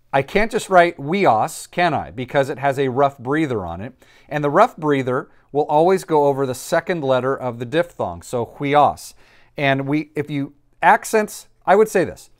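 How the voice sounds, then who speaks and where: A man of ordinary pitch teaches a recorded lesson and walks through each answer with patience. He reassures his students and pauses to think aloud as he writes on the board. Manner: patient, reassuring, explains step by step. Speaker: Greek teacher.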